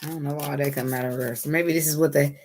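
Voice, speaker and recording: Lady doing a tarot reading, lower voice, blunt and swears a lot, gets all excited. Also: quick pace. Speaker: tarot reader.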